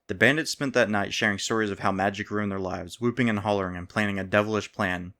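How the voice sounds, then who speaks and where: Low-voiced male storyteller. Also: fairly even intonation, quick pace, hardly any pauses, pushed and bright. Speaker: narrator. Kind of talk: storybook narration.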